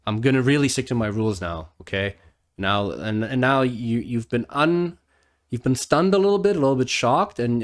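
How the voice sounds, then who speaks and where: A man talking casually as a trading educator, often tagging lines with "okay?", acting out a trader's inner thoughts and swearing now and then. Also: on the low side. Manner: conversational, filler "okay?" tags, acts out inner voices, curses. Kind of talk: casual monologue to camera.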